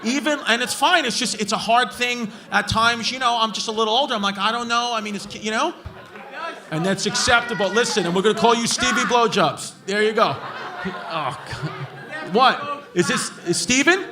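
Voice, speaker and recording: Brash New York comic with a high voice. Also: male voice, moderate pace. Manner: brash, profane, roasting hecklers, frequent shouting. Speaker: stand-up comedian. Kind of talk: live stand-up crowd work. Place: comedy club stage with a laughing crowd. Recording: live club audio with crowd laughter.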